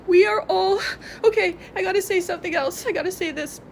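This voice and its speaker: A woman with a very high voice speaks straight to her viewers in a confessional vlog. She is tearful and congested, and her talk rambles between sobs and shaky laughter. A faint hiss sits under the recording. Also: fairly quick. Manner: rambling, emotional, laughing through tears. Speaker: vlogger.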